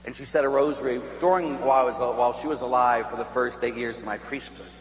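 A man's voice: medium pitch, fast talker. A middle-aged man from Pittsburgh, a Catholic priest telling stories in a sermon, laughing often and asking the crowd "huh?". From Pittsburgh, USA. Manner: animated storyteller who laughs and asks the crowd "huh?". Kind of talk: storytelling sermon. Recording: echoey hall with faint hum.

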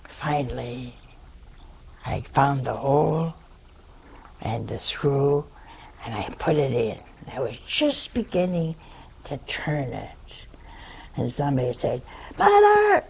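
A woman's voice: extremely low pitch, slow, gravelly, pauses often, darkish tone, a little hiss or hum, low-quality recording. An older woman, a nun, telling a funny personal story to an audience in a folksy, self-mocking way. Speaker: nun, head of a religious community.

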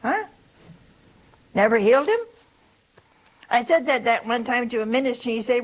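An older woman with a husky, slightly breathy voice delivers a spiritual talk. She tells folksy anecdotes and keeps throwing rhetorical questions at her listeners. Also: fairly high pitch, moderate pace, pauses often, poor audio. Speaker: religious speaker.

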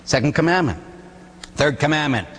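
A man, a Catholic priest, giving an animated, conversational sermon full of rhetorical questions. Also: on the high side, moderate pace, breathy edge, in a large hall.

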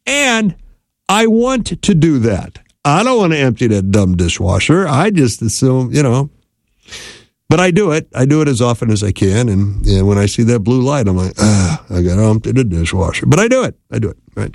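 A man's voice: mid-range voice, a little mellow, dry recording, studio quality. A middle-aged man hosting a casual radio show, a marriage counselor who rambles in a folksy way and repeats words for emphasis. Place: radio studio.

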